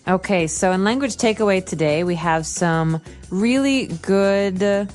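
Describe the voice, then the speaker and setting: A woman co-hosting an English lesson, explaining vocabulary clearly with examples. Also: mid-range voice, a little slow, a little mellow, faint music behind. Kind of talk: casual teaching chat.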